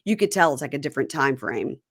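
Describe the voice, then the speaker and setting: A woman's voice: extremely low pitch, expressive, fast, slightly rough, no room sound, clean studio sound. A woman hosting a podcast, chatting casually about a reality show and retelling scenes by acting out the dialogue, with lots of "like" and "um". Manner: conversational, with frequent "like" and "um". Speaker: podcast host.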